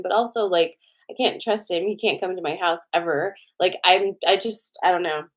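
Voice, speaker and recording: A woman host telling a personal story to viewers in a casual, animated way, with a lot of swearing and "like" fillers. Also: on the low side, moderate pace, few pauses.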